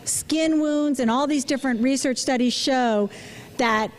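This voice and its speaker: A woman with a high voice speaks to an audience. She quizzes her listeners, restarts sentences and scatters "you know" fillers through her talk. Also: measured pace. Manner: engaging, asks the audience questions. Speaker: physician giving a public talk.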